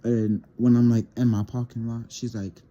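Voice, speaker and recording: A man's voice: medium pitch, little pitch movement, moderate pace, mellow, highs cut off. A teenage boy telling a rambling storytime to his viewers, stammering and repeating words as he goes. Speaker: vlogger. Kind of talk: casual storytime monologue.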